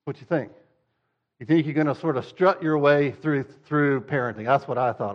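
A man's voice: medium pitch, normal speed, long pauses. A father and preacher telling humorous stories in a sermon, acting out scenes with swinging energy. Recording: dull lo-fi recording.

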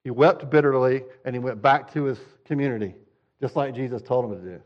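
A man's voice: medium pitch, brisk, muffled recording. Direct, conversational male pastor. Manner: direct, conversational, with emphatic repetition. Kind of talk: sermon.

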